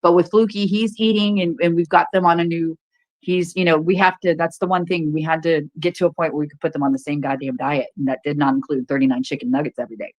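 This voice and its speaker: A woman's voice: sits low, fairly even intonation, fast talker, darkish tone, low-quality recording. A woman co-hosting a casual livestream chat, blunt and profane, telling stories. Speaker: livestream co-host.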